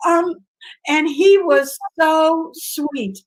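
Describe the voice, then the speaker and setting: High-voiced, animated woman comedian. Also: extremely slow, poor audio. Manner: animated storyteller who acts out voices. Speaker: comedian guest. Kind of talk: casual interview chat.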